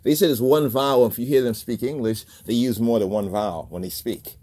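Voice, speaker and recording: A man's voice: medium pitch, fairly quick, warm tone. A man hosting a religious video, talking in a casual monologue full of repeated rhetorical questions and chuckles.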